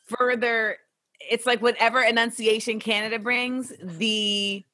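Bright, animated woman host. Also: on the high side, unhurried. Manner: animated, laughing, slangy. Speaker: podcast host. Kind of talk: casual interview chat.

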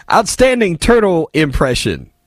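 Sardonic talk radio host, lively pitch. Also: male voice, dry recording, studio quality. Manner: sardonic, exasperated commentary. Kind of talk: talk radio, reading listener texts.

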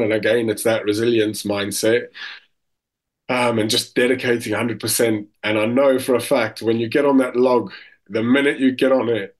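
A man from South Africa, a former paratrooper, chatting as an interview guest and telling army anecdotes. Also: mid-range voice. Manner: anecdotal, acts out shouting corporals. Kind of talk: casual interview chat.

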